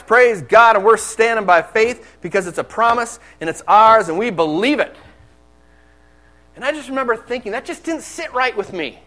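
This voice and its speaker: A man with a high voice preaching a sermon. He talks candidly and conversationally, telling his own stories to the congregation. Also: fairly bright tone, low-quality recording.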